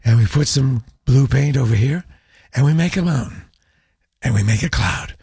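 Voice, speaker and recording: A man imitating a calm, soft-spoken male TV painter with a slow, gentle delivery. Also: mid-range voice, gravelly, breathy edge, no echo, clean studio sound, full character voice. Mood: soothing.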